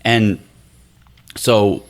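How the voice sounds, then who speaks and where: A man's voice: fairly low pitch, drawn-out words. A man guest on a podcast, talking casually and animatedly, in a hotel room set up as a studio. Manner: animated storyteller, often mimicking others' voices. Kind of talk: casual storytelling conversation.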